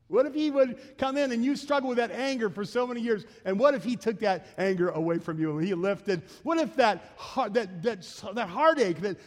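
A male pastor delivers a sermon in a church. He keeps it conversational and acts out quotes and asides. His voice sits high for a man, and a long reverb trails behind it in the sanctuary. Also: animated, a little fast, hardly any pauses.

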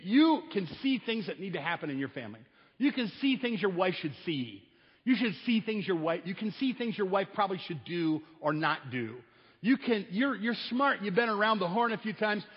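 A man's voice: high-pitched, husky, long reverb tail, muffled recording. A man preaching a sermon to his congregation, folksy and storytelling, with asides and small laughs. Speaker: pastor. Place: church sanctuary.

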